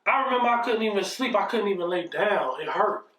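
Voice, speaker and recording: Speaking in a high-pitched, sharp, animated voice at a brisk clip, a man rambles profanely through a childhood tale, frequently checking in with "you know what I mean." He's captured by a distant, set-back mic with a roomy echo.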